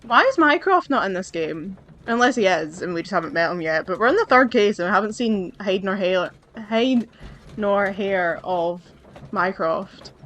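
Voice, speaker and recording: A woman's voice: mid-range voice, animated, moderate pace, a bit bright, slight background noise. Chatty woman narrating her gameplay. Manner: chatty, musing aloud, wry. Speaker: gamer playing through a game. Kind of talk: casual let's-play commentary.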